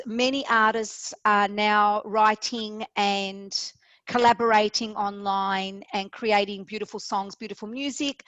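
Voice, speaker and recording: A woman's voice: on the high side, a bit bright, no echo, muffled recording. A woman with an Australian accent hosting an interview, full of eager praise for her guests. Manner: enthusiastic, gushing praise. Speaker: show host.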